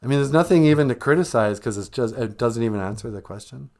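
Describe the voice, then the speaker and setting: A man hosting a comedic livestream, chatting in a joking, animated way. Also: mid-range voice, quick pace. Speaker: livestream host.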